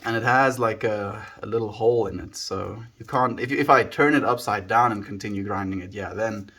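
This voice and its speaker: A man's voice: fairly low pitch, a little fast, a bit bright, husky. A South African man from South Africa chatting casually on a livestream from home into a handheld phone, musing aloud and thanking viewers by name.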